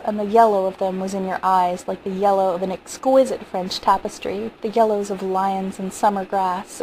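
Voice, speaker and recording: A woman reading a short story aloud in a steady, vivid narrating manner. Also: medium pitch, a little hiss or hum, rough recording. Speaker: audiobook reader.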